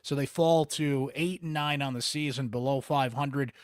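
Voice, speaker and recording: Man, Central New York accent, sports podcast host, chatty and wry, mid-pitched voice, dry close sound. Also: steady tone, moderate pace, clear, resonant tone, no room sound. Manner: chatty, candid, wry asides. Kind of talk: postgame sports analysis podcast.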